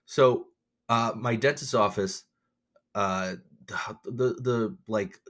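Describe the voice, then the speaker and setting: A man's voice: fairly low pitch, slow, fairly bright tone. A man co-hosting a podcast in casual chat, telling rambling stories and chuckling often. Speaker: podcast co-host.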